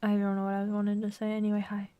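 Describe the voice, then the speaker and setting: A woman's voice: mid-range voice, monotone, fast talker, smooth, dry recording, narrow, tinny audio. A young woman streaming a game, chatting casually, giggling often and reading game text aloud.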